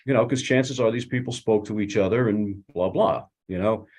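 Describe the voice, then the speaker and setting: Man, husky voice, attorney, conversational, says "you know" a lot. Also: fairly low pitch, normal speed, darkish tone. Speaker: attorney and co-host. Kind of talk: casual legal discussion.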